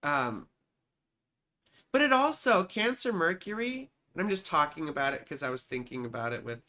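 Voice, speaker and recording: A woman's voice: low-pitched, animated, moderate pace, pushed and bright. A woman astrologer hosting a live chart-reading stream, talking in a rambling, profane, self-mocking way. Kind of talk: casual livestream chat.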